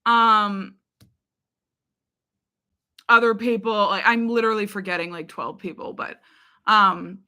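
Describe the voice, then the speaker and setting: Young woman, reaction creator, casual live chat, rambling, filler-heavy, laughs a lot, bright voice. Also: mid-range voice, fairly even intonation, a little slow, pauses often, smooth.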